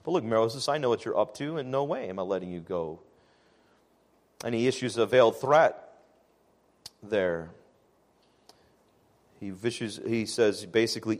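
A man preaching a sermon as pastor, measured and emphatic, slowing down to stress key phrases. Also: fairly low pitch, expressive.

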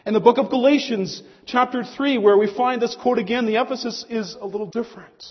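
Male pastor, earnest sermon delivery, muffled recording with hall reverb. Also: extremely high pitch. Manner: earnest preaching, slowing on key phrases. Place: church hall. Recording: muffled long hall echo.

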